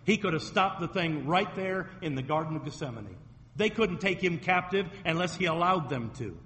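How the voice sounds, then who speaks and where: A man's voice: high-pitched, sharp tone, big-room sound. A man preaching a sermon as a pastor, retelling scripture stories vividly and acting out the quoted voices.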